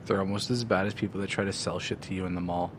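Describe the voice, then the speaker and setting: A man's voice: low-pitched, steady tone, quick pace, noisy background. A man co-hosting a casual podcast, laid-back, often answering with short agreements and swearing casually. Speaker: podcast co-host. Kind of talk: casual chat.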